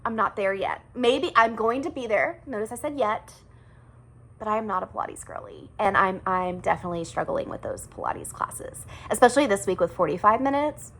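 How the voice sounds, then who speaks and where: A woman in a fitness program giving an earnest, halting, self-deprecating video testimonial. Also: mid-range voice, expressive, gravelly.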